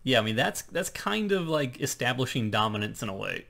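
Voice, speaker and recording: A man's voice: mid-range voice, big pitch swings, brisk, gravelly, a bit bright. Wry man explaining show lore. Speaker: co-host reviewing a TV episode. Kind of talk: casual review chat.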